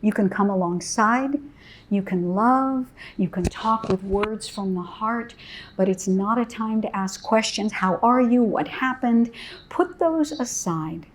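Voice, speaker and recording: A woman parent educator telling a story to parents in a gentle, soothing way, with soft pauses. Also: mid-range voice, animated, slight background noise.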